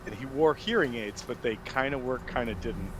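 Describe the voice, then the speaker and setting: A young adult man telling stories casually among friends and shouting out mock insults. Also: mid-range voice, normal speed, noisy background. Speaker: player in a tabletop game podcast.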